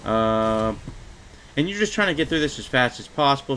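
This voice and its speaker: A man's voice: medium pitch, animated, normal speed, fairly bright tone, a little hiss or hum, rough recording. Rambling young man narrating gameplay. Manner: rambling, filler-heavy, mildly frustrated. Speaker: gaming YouTuber. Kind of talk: casual gameplay commentary.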